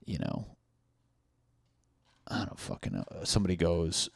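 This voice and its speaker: A young man with a low voice rants casually and profanely into a close, dry podcast mic. He mocks people as he talks, swearing freely in an offhand monologue. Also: big pitch swings, unhurried, creaky, long pauses, no echo. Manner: profane, ranting, mocking. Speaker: podcast host.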